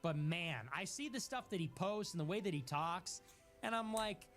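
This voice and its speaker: A man hosting a livestream, ranting in a casual, profane and animated way. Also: sits high, moderate pace, soft background music. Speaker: livestream host.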